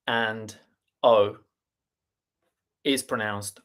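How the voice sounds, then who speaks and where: A man teaching a live online language lesson, explaining deliberately with fillers and restarts and spelling out letters and sounds one by one. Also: medium pitch, fairly bright tone. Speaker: Italian teacher.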